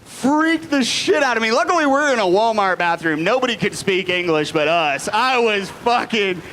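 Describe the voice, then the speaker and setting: A man in his late twenties performing a profane stand-up comedy set on a live stage, dropping to low mutters and then shouting the punchlines. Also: lively intonation, normal speed, background noise. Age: 20s.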